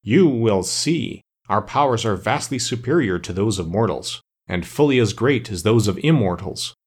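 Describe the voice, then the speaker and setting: A man's voice: fairly low pitch, lively intonation, normal speed, husky. A man voicing a furious, defiant king of evil creatures in a storybook reading. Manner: angry, defiant, shouting.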